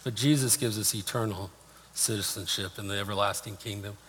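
A man's voice: on the low side, steady tone, brisk, a bit bright, a little hiss or hum. Plain-spoken male preacher in a reverberant hall. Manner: plain-spoken, personal storytelling. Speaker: pastor. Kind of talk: sermon. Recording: long reverb of a large hall.

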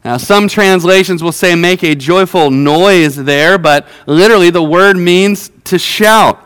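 Male pastor, sermon, high voice, smooth tone, reverb of a large church hall. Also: measured pace, fairly bright tone. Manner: earnest, conversational preaching with frequent "uh" fillers. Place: church worship center. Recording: long reverb of a worship hall.

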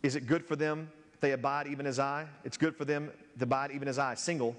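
A man's voice: medium pitch, steady tone, fast talker, a bit bright, long reverb tail. A man preaching a sermon as a pastor, reading scripture aloud and building in intensity.

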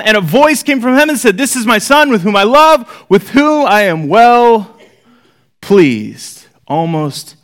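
A man's voice: high-pitched, fairly bright tone. A man teaching a casual Bible study, reading scripture aloud with rising emphasis and chatty asides to listeners.

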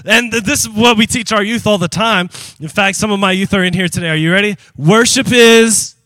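A pastor preaching a sermon in church, animated and emphatic, calling out to the congregation and breaking into shouts. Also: male voice, high voice, a little fast, no room sound. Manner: animated call-and-response preaching.

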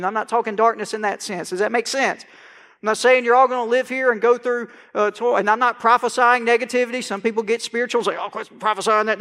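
A male pastor preaching a sermon to a congregation, swinging from quiet conversational asides to loud, rising proclamation. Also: very high voice. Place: church sanctuary. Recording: long church hall reverb.

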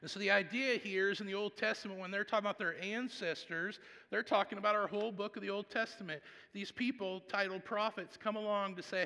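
A pastor with a fairly high, bright, forceful voice, preaching in a conversational, storytelling way. He swings from hushed asides to loud bursts. His words ring out with a long reverb in a large church sanctuary. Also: fairly even intonation, a little fast. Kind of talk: sermon.

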